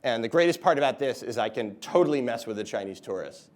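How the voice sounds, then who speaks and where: Guy, comedian chatting to a room of students, upbeat, says "like" a lot, normal pitch. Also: lively intonation, fast talker. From United States. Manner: chatty, upbeat, frequent "like" and "you know". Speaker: comedian giving a talk to students. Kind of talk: casual lively presentation.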